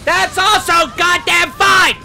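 A man's voice: sits high, big pitch swings, takes it slowly, full character voice. A man playing a symmetry-obsessed young male reaper, giving short-tempered gameplay commentary and swearing at the game. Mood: agitated, yelling. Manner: easily agitated, swears and yells at the game. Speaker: gamer playing in character. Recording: game music playing behind the voice.

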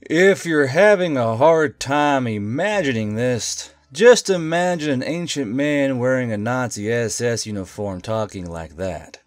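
A male text-to-speech voice reading a tabletop game story in an even, unhurried way. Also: medium pitch, no echo. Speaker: narrator. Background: faint music.

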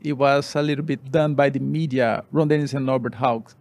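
A man's voice: medium pitch, dry recording. Man telling a racing story. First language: Portuguese. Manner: animated, halting non-native English with restarts. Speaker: former racing driver, guest. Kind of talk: interview storytelling.

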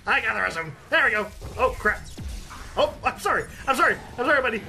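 A man recording let's play commentary as a gaming video host, excitable and exclaiming and laughing often. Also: very high voice, fast, gravelly, faint music behind.

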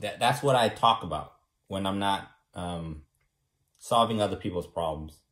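A man's voice: low voice, normal speed, a bit bright. A young man from California talking casually to the camera, rambling and self-assured and often tagging his points with a question. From California, USA. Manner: rambling and self-assured, keeps asking "right?". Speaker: vlogger.

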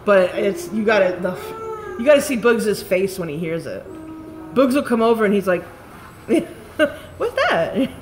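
A woman's voice: medium pitch, animated, normal speed, slight background noise. A woman, rambling and swearing casually as she chats on a live stream about beauty products. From Staten Island, New York. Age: late 30s.

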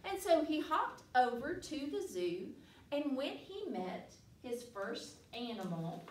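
A woman's voice: high-pitched, very animated, slow, slight background noise. A woman hosting a library story time, reading aloud to children with playful animal sounds. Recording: echoey room, mic far off.

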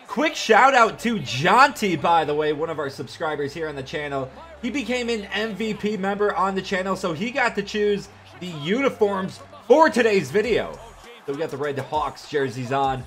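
A young man calls his own hockey video game, his voice high and jumping all over as he gets fired up and shouts at big plays. He swears jokingly along the way, with faint music playing under him. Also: very animated, moderate pace. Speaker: gaming YouTuber. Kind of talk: excited gameplay commentary.

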